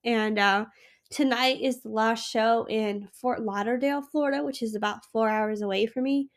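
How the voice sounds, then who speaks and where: A woman's voice: a little high, fairly even intonation, normal speed. A sick young woman hosting her own podcast, gushing and emotional in a rambling casual chat. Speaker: podcast host.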